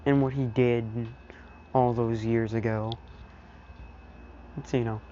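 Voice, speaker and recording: A man casually narrating an improvised fan story, rambling and filling every pause with "you know". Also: medium pitch, flat delivery, mellow, highs cut off, slight background noise.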